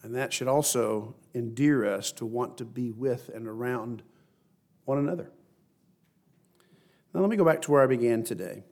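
A middle-aged man giving a sermon as pastor, reading scripture and explaining it earnestly, slowing and lifting his voice for emphasis. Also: mid-range voice, a little mellow. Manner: earnest preaching, slows and rises to stress scripture.

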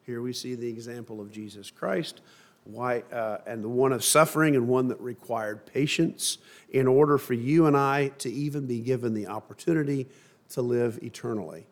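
Measured, emphatic male preacher. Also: medium pitch. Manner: measured, emphatic delivery with slow stressed phrases. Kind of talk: sermon with scripture reading.

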